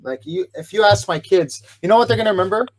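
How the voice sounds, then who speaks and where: A man's voice: high voice, fast. A man hosting a podcast, speaking in an earnest, reflective, heartfelt way in casual conversation. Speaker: podcast host.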